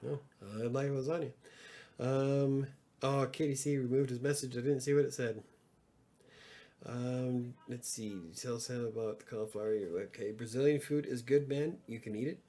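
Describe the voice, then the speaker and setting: A man's voice: mid-range voice, fairly even intonation, moderate pace, warm tone. Casual joking man on a livestream. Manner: joking, reads out chat messages. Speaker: livestream host.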